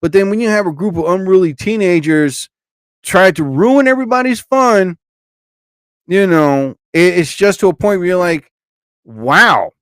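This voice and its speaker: A man's voice: high voice, animated, moderate pace, clean tone, no echo. Ranting man hosting a live stream. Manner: ranting, emphatic and blunt; greets chat viewers between points.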